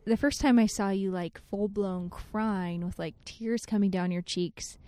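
Here is a young woman in casual conversation, laughing often as she tells her stories and scattering "like" through her sentences. Her voice sits at an ordinary pitch. It is recorded close and dry, with no room sound. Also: unhurried, clean tone, no echo. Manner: giggly, animated storytelling with many "like"s. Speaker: podcast co-host. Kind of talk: casual chat with spouse.

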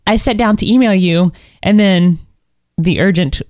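A woman's voice: medium pitch, moderate pace, a little mellow, no echo, studio quality. A woman in her thirties co-hosting a podcast, chatty and rambling, often restarting her sentences and poking fun at herself. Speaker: podcast co-host. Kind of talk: casual chat.

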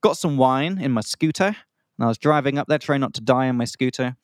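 In a casual, rambling story for his English-learner podcast, a young Australian co-host stops to explain slang and voices the other people himself. His mid-range voice has lively intonation and runs a little fast. There's no echo on the recording.

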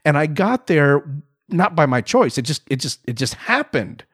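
Middle-aged male podcast host, animated self-mocking storyteller, close dry mic. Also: on the high side, moderate pace, husky, dry recording. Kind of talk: storytelling monologue.

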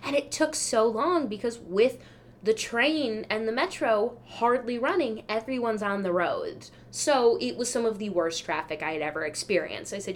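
A woman's voice: a little high, lively intonation, normal speed, a little hiss or hum. Chatty young woman telling travel stories. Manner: chatty, wry, self-deprecating. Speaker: podcast host. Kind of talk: casual travel storytelling.

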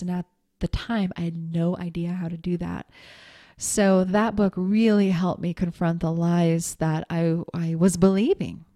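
A woman's voice: lowish voice, dark tone. A middle-aged woman giving a candid, chatty self-help talk as a coach, with plenty of ums.

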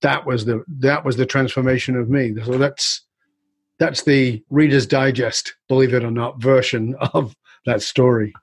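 Husky man telling his story candidly. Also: mid-range voice, steady tone, unhurried, no echo. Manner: candid, reflective, with casual swearing. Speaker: guest. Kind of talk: personal storytelling in a podcast interview.

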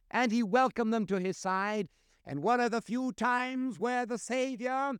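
A man's voice: sits high, clear, resonant tone, no echo, clean studio sound. A man preaching a sermon in a church sanctuary, impassioned, with strong rises and falls, repeating phrases for emphasis. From grew up outside his audience's country. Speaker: pastor.

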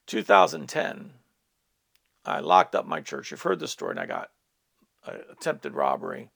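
A man's voice: mid-range voice, wildly swooping pitch, normal speed, creaky, fairly bright tone. A middle-aged man, a pastor, telling a personal testimony in a teaching talk, earnest, with asides to his listeners.

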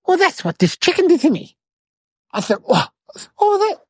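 A woman voicing an eight-year-old city boy, telling a rambling comedic story in a whiny, excitable way. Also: very high-pitched, normal speed, dry recording. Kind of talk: comedic character monologue.

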